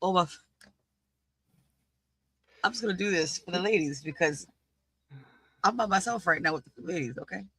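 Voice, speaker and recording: A woman's voice: lowish voice, lively intonation, normal speed, long pauses, fairly bright tone, poor audio. A woman co-hosting a wrestling podcast, chatting casually and teasing the others. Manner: playful, teasing. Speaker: podcast co-host. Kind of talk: casual chat.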